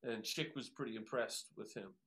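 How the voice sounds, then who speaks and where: A man's voice: medium pitch, normal speed, fairly bright tone. A man from the New York area, a guest musician, telling stories casually with lots of fillers and acted-out quotes. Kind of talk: casual storytelling.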